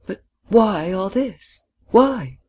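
A reader voicing an intense, brooding young woman who speaks slowly and gravely, pressing her point. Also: extremely low pitch, a little hiss or hum. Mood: probing. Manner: slow, grave, quietly pressing.

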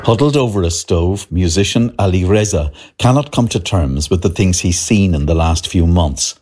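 A man's voice: deep voice, animated, normal speed, darkish tone. A man, a correspondent, narrating a news feature in a dramatic, emphatic way. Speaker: foreign correspondent.

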